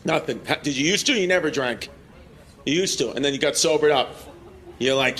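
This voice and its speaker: A man's voice: fairly high pitch, lively intonation, a little fast, a bit bright. A man doing brash, teasing crowd work as a stand-up comedian in front of a live audience. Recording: live room with crowd laughter and noise.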